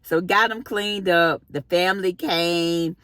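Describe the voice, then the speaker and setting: A woman vlogger telling a personal story in a casual, animated, expressive way, using relaxed slang. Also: fairly low pitch, slow, dry recording. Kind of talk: storytime monologue.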